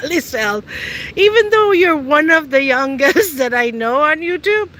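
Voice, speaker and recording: Slow-talking, laughing woman. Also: high voice, expressive, pushed and bright, a little hiss or hum, low-quality recording. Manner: chatty, teasing, laughs often. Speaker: vlogger. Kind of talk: casual chat with live viewers while walking. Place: outdoors on a city street.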